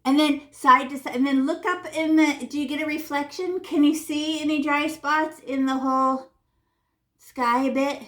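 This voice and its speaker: A woman's voice: high-pitched, moderate pace. Playful chatty woman teaching painting. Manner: playful, chatty and animated, with sound effects and repeated words. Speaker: art teacher. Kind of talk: painting lesson for children. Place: classroom or home room.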